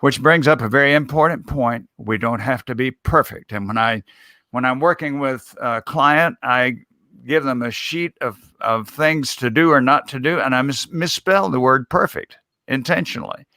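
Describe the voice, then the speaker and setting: A man being interviewed as a speech coach, giving advice in a measured, emphatic coaching manner. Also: medium pitch, sharp tone, no room sound, clean studio sound. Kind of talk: interview answers.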